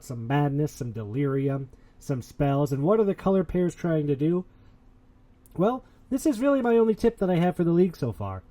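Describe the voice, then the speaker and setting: A man's voice: mid-range voice, mellow. A man hosting a casual podcast, talking in a boastful, hyped-up, playful way. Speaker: podcast host.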